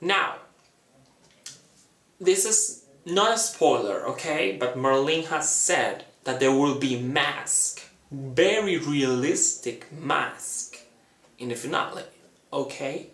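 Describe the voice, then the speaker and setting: A man talking through a fan theory in a chatty, dramatic way, acting out quotes in a high voice. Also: animated, slow pace, fairly bright tone, echoey room. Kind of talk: casual fan theory talk.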